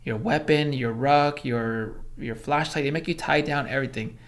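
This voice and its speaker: A man from Los Angeles, a former Army Ranger, telling stories as a podcast guest, animated, swearing, acting out quotes. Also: mid-range voice, moderate pace. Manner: animated storyteller, acts out quotes, swears, many fillers. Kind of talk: casual storytelling in interview.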